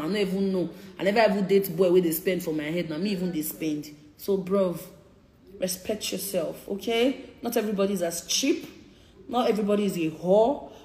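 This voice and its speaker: Her low, dark voice sounds roomy as she rants on a live stream, this twenties-aged social media personality with a Nigerian Pidgin English accent. Confrontational and heated, she keeps hammering the same points at her critics.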